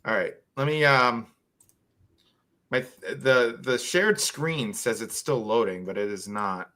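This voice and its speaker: A man's voice: medium pitch, expressive, takes it slowly, pushed and bright. Rambling man hosting a live stream. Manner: rambling, self-mocking, thinks aloud while sharing screen. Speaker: host. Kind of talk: casual live-stream chat. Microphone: video call.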